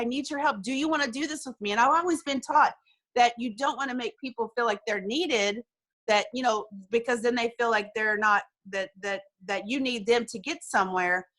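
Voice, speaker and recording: Animated woman telling a heartfelt story. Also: a little high, rough recording. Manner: animated, acts out quoted dialogue, frequent restarts. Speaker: guest sharing a success story. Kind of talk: emotional personal storytelling. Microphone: video call.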